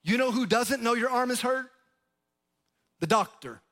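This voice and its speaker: A man preaching a sermon from the pulpit, his voice pitched high for a man. He drives his points home with sudden loud bursts and quiet drops, and tosses playful asides to the crowd. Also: animated, measured pace. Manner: jokes with the crowd. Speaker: pastor.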